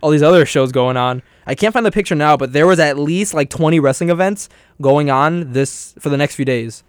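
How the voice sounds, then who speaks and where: A man's voice: on the high side, a little fast, clean tone, no room sound, clean studio sound. A young man co-hosting a casual wrestling podcast, telling stories with lots of laughs and quoted lines. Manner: excitable storyteller, laughs often, quotes wrestlers. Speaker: podcast co-host.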